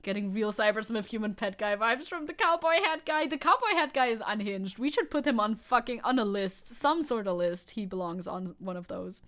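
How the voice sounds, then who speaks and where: A woman's voice: mid-range voice, expressive, moderate pace, hardly any pauses, a bit bright. A young woman streamer chatting casually over news clips, rambling and swearing, laughing often and restarting her sentences. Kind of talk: casual live-stream chat.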